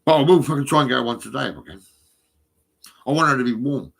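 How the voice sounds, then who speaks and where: Middle-aged man, husky voice, rambling and profane, agitated phone vlogger, swings from mumbles to outbursts. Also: medium pitch, animated, fast talker, fairly bright tone. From England. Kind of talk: rambling monologue to camera.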